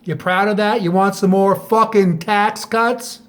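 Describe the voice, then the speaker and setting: A middle-aged man talking straight to camera in a bitter, profane monologue, firing off sharp rhetorical questions. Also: high-pitched, steady tone, a little slow. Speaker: vlogger.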